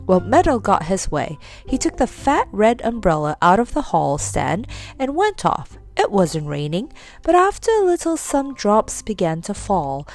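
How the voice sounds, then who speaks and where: Woman storyteller, animated pitch, soft music behind. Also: measured pace. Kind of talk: reading a children's story aloud.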